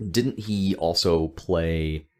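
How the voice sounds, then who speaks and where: A man co-hosting a podcast, joking and bantering casually. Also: sits low. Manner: jokey, quick banter with laughs. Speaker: podcast co-host.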